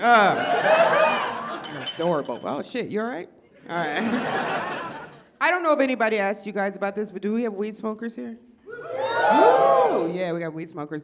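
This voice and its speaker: A woman doing a stand-up comedy set, loud and animated, acting out quotes in shifting voices. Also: fairly high pitch, heavy background noise. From Chicago area.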